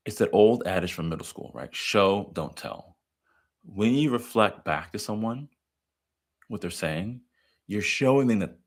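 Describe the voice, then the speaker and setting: Deep husky male therapist explaining. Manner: emphatic, explanatory. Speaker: therapist and educator. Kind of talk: commentary on a therapy film clip.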